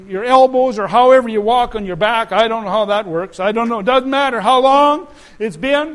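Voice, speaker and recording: A man preaching a sermon to a congregation, telling stories dramatically, with loud shouted peaks and quiet asides. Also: poor audio. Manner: dramatic storytelling, shouting and dropping to low asides.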